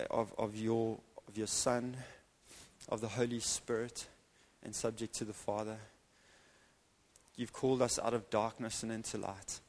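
A man with a medium-pitched voice preaches a sermon in an evangelical church, telling a story with animated delivery and dramatic pauses.

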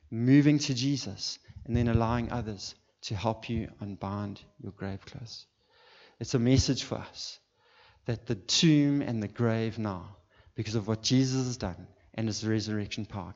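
Preaching with passion, this pastor works his way up to fervent appeals to the congregation. He has a medium-pitched, darkish voice, captured in a dull recording with long hall reverb.

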